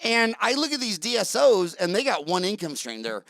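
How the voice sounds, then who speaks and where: Man, middle-aged, interview host, blunt rambling storyteller, bright edgy voice, slightly high. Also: huge pitch swings, normal speed, creaky, dry recording. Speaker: podcast host. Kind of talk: casual interview talk.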